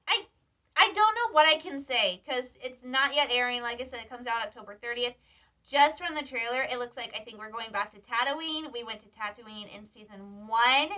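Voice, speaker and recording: A young woman from Michigan, a student, chatting excitedly to camera in a casual reaction vlog. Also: high-pitched. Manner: excitable, chatty fan talk. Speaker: vlogger, student. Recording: slightly distant, dull lo-fi sound.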